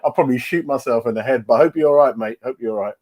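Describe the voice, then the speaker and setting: A man's voice: mid-range voice, rapid-fire, darkish tone. A middle-aged man hosting a football fan livestream in casual chat, greeting viewers by name and often repeating his words. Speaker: fan channel host.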